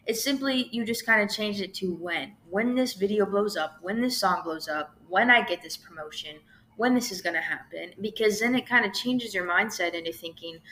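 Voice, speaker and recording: Bright-voiced young woman podcaster, swearing. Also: medium pitch, brisk. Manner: chatty, swears freely, lots of "like" and "you know". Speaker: podcast host. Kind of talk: casual solo podcast monologue.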